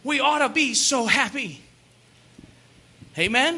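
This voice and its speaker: A young man preaching a sermon, fervent and at times shouting, then easing into joking asides. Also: extremely high pitch, moderate pace, a little hiss or hum.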